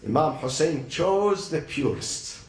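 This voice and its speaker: High-voiced man telling a sermon story. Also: lively intonation, darkish tone, a little hiss or hum. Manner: dramatic pauses, short emotional phrases. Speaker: speaker at a youth event. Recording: roomy echo.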